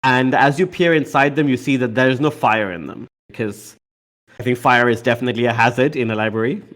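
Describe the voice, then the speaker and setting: A man's voice: medium pitch, a little fast, fairly bright tone. Hesitant male game master. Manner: hesitant, with many fillers. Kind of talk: narrating a tabletop game.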